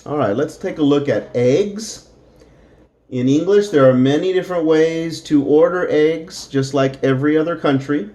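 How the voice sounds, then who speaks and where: A middle-aged man teaching English slowly to Spanish speakers, repeating each word and adding Spanish glosses. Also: a little high, warm tone.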